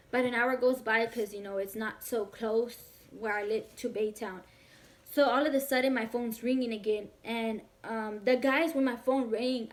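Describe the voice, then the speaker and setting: A young woman, telling a personal story in a casual vlog, talking fast and animated, with lots of "like" and swearing. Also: a little high. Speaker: vlogger.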